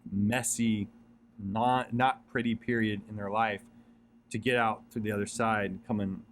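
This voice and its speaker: Earnest low-voiced man giving pep talk. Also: fairly even intonation, unhurried, slight background noise. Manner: earnest, repetitive, many fillers and restarts. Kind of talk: casual motivational monologue.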